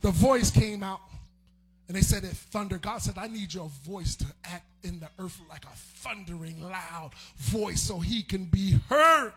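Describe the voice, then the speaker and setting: A man delivering a sermon, chanting his lines and swelling into shouts. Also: high-pitched, fairly even intonation, moderate pace. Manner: chanting, sing-song preaching that swells into shouts. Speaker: preacher.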